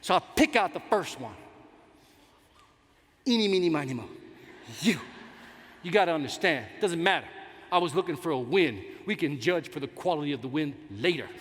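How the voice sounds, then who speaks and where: Animated high-pitched man giving a keynote. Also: fast talker, a little hiss or hum. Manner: animated storytelling, self-mocking. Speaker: keynote speaker. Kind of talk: motivational keynote speech. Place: large conference hall on stage. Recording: reverberant hall with faint ambience.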